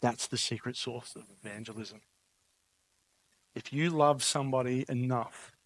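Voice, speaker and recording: A man's voice: medium pitch, a bit bright. A man preaching a sermon, telling stories in an emphatic, conversational way and often asking "right?". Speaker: pastor.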